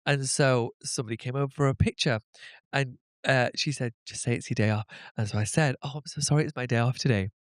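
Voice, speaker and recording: A middle-aged man chatting as a podcast guest, animated and fond of acting out the voices in his stories. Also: medium pitch, fast talker, no room sound, studio quality. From Britain. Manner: animated storyteller, acts out quoted voices. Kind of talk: casual chat.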